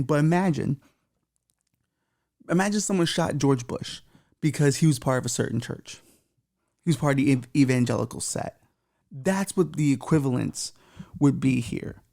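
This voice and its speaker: A man's voice: medium pitch, vocal fry, mellow. A man co-hosting a podcast, reading news aloud in a casual, irreverent way, with profane jokes and stumbles over unfamiliar names. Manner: irreverent, joking asides with profanity. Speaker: podcast co-host.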